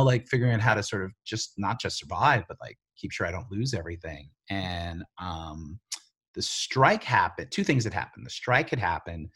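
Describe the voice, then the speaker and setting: A man with a low, husky voice tells stories from his career as a television writer. He rambles in an animated way, leaning on "like" and "you know" constantly. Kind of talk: casual storytelling interview.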